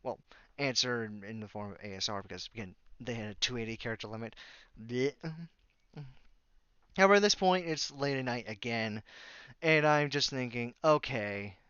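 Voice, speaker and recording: Exasperated sarcastic man, smooth dry voice. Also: mid-range voice, normal speed, sharp tone, no room sound, dull audio. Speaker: YouTuber. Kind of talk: casual storytelling vlog.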